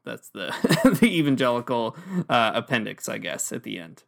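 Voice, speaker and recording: A man's voice: medium pitch, animated, moderate pace, creaky, a bit bright. A man co-hosting a podcast, talking through ideas thoughtfully and hedging with fillers. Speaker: podcast co-host. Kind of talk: casual discussion.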